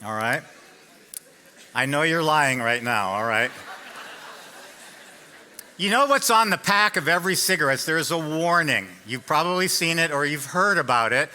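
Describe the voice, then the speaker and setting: A male pastor delivers a sermon in a church with a very bright, forceful voice. He speaks in a fairly high register and tells stories conversationally, teasing his listeners. The delivery stays loose and chatty rather than formal. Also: expressive, normal speed, long pauses, a little hiss or hum. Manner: conversational storytelling, jokes with the congregation. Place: church sanctuary.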